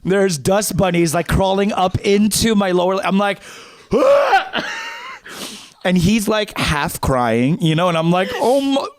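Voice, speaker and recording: A man's voice: high voice, slow pace, no room sound, clean studio sound. A man co-hosting a podcast, telling a funny story in a loose, chatty way, swearing freely. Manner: animated, swears freely, breaks into laughter. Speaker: podcast co-host. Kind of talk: casual comedic storytelling. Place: podcast recording setup.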